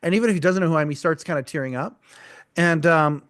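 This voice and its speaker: A man's voice: fairly high pitch, fast, a bit bright, no room sound, clean studio sound. A middle-aged man, hosting a podcast in casual chat, joking and candid, laughing often. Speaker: podcast host.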